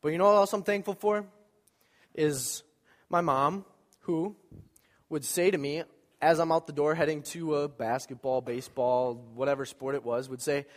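A man's voice: fairly high pitch, long reverb tail. A man preaching a sermon to his congregation, telling stories, joking, and acting out voices. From American Midwest. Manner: animated storytelling, acts out voices, jokes with congregation. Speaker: pastor. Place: church sanctuary.

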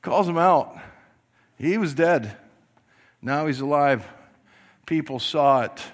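Taking his time, a middle-aged pastor with a voice on the high side preaches a sermon as a story. His delivery is animated, shifting between loud and hushed, and he performs the characters' voices.

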